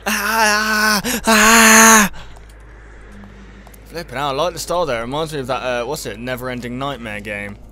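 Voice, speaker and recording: A man's voice: mid-range voice, quick pace, few pauses, fairly bright tone, slight background noise. A young man, commenting as he plays a horror game on a headset mic and talking to himself as he gets easily startled. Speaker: gaming YouTuber.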